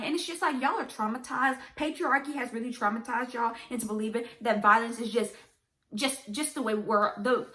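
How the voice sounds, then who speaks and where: Speaking straight to camera in her commentary vlog, a young woman delivers a passionate, emphatic rant full of repetition. Her voice sits high, bright and forceful.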